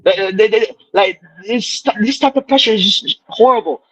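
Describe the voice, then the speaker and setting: A man's voice: sits high, normal speed, no echo, low-quality recording. A man calling in to a fan show, ranting heatedly and repeating himself to drive his points home. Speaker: caller. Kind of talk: casual chat.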